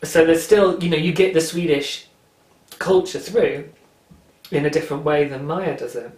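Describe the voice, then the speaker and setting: Chatty British man, slightly high voice. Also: normal speed, darkish tone. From Britain. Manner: chatty and enthusiastic, with frequent ums. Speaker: podcast host. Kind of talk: casual podcast chat. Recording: roomy echo.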